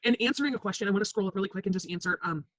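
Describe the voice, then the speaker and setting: A woman's voice: mid-range voice, very fast, fairly bright tone, low-quality recording. A woman in direct sales giving an upbeat, persuasive motivational talk to her team.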